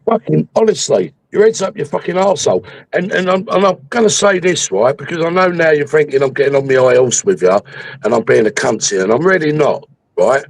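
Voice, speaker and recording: A man's voice: fairly high pitch, animated, a little fast, dry recording, low-quality recording. A man hosting a livestream, ranting angrily with heavy swearing about politics. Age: 60s. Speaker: livestream host. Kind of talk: heated political chat.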